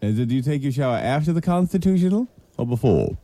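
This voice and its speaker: A man's voice: mid-range voice, animated, quick pace, mellow. A man hosting a morning radio show, teasing and wheedling his guest in playful banter. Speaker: radio host.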